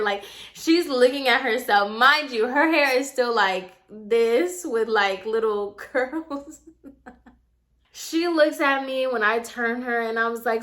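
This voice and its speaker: A woman's voice: fairly high pitch, slow pace. A young woman chatting casually to her viewers, telling a story and acting out what people said. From Puerto Rican heritage. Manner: chatty, animated, addresses viewers as y'all, acts out quotes. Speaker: vlogger.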